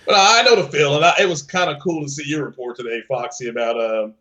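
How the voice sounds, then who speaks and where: A man's voice: a little high, quick pace, pushed and bright. A man hosting a casual gaming podcast, rambling and joking, with restarts and fillers. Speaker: podcast host.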